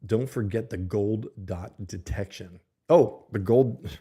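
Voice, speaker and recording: A man with a somewhat low voice hosts a casual livestream from his home setup. He talks close into a desk mic. He rambles loosely and chats with the viewers in his chat. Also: slow pace, dark tone, husky. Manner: rambling, chatty, reads viewer comments aloud. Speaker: livestream host. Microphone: desk mic held close to the mouth.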